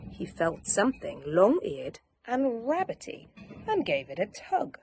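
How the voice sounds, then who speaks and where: A woman reading a bedtime story aloud in a soft, hushed, soothing way, slipping into whispers. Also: mid-range voice, huge pitch swings, measured pace, gravelly.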